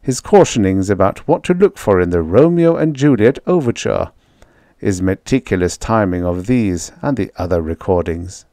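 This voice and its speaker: Male audiobook narrator, slow deliberate reading, dry close sound. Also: lowish voice, darkish tone, no echo. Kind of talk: scripted narration of a vintage horror story.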